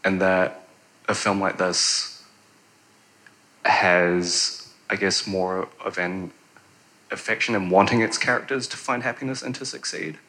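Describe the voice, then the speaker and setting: Deep guy with a bright edge, audience question, hesitant, lots of ums. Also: fairly even intonation, measured pace, long pauses, poor audio. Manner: hesitant, many fillers. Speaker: audience member asking a question. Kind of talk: rambling spoken question.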